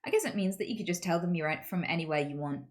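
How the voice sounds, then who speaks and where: A woman streaming, chatting casually with viewers in an animated, chatty way and swearing freely. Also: on the low side, quick pace. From United Kingdom.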